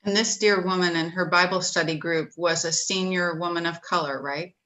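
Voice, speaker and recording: Bright-voiced woman hosting an interview. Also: lowish voice, fairly even intonation, poor audio. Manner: measured, direct questioning. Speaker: interview host. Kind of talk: interview questions.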